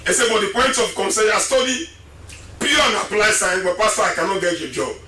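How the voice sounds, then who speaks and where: High, shouting preacher. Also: male voice, brisk, distant mic, slight background noise. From Sierra Leone. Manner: shouting, sing-song preaching, repeats lines for emphasis. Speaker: pastor. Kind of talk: fiery sermon. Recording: roomy, from off mic.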